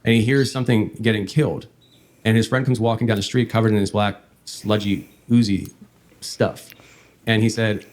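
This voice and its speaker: A man hosting a podcast, telling a long story in a meandering, halting way. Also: fairly low pitch, fairly even intonation, a little mellow. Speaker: podcast host.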